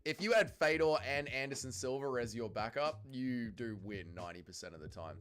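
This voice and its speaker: Lively, sweary Australian streamer. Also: male voice, mid-range voice, brisk, a little hiss or hum. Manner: animated, sweary, reads chat aloud. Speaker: livestream host. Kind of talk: casual watch-along commentary.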